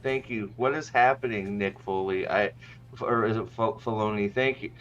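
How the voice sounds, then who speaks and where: A man hosting a casual reaction chat, talking in a profane, sarcastic and excitable way. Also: on the low side, moderate pace, highs cut off. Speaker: show host.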